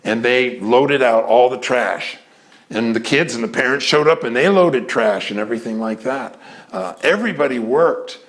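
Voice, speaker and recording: Animated man telling a theater anecdote. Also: medium pitch, moderate pace. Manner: animated, acts out the other people's lines in changing voices. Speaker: community theater director. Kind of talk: anecdotal storytelling.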